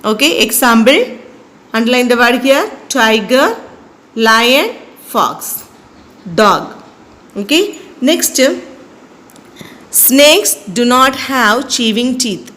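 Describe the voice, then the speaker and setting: A woman teaching a primary school class, reading slowly from a textbook and spelling words out letter by letter for the children to underline. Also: fairly high pitch, lively intonation, fairly bright tone, low-quality recording. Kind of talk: slow dictated classroom lesson.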